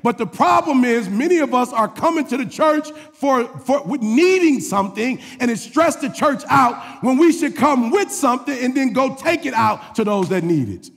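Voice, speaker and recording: A man preaching a sermon as pastor, swinging between shouted exhortation and low confiding asides. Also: expressive, normal speed, vocal fry, few pauses, slightly rough, long reverb tail.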